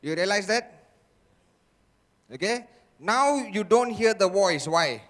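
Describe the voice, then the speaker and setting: A motivational speaker with a high-pitched, expressive male voice talks at a slow pace. Addressing a live crowd in a big hall during a seminar, he keeps throwing rhetorical questions at them again and again.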